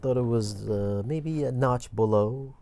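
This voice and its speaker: Easygoing male co-host, warm mellow tone, relaxed delivery. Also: medium pitch, a little slow, no echo. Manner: laid-back, easygoing agreement. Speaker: podcast co-host. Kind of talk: casual chat.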